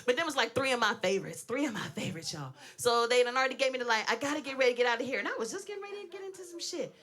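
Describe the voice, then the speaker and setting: Loud laughing lady comic on stage, high bright voice, out of breath, aave. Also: animated, very fast. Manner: brash, laughing, storytelling. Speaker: stand-up comedian. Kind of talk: stand-up comedy set. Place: stage in front of an audience.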